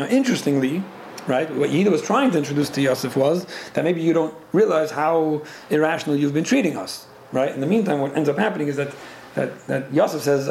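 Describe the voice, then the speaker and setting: Male Torah teacher, brisk and gravelly, talks fast with lots of restarts. Echoey room. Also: a little high, darkish tone, slight background noise. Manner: fast, repeats and restarts words. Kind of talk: Torah class with listener questions. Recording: echoey room with faint ambience.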